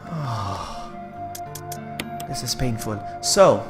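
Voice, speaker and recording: A man streaming a horror game, talking to himself in casual commentary that swings from low muttering to frustrated yelling. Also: animated, very slow, over music.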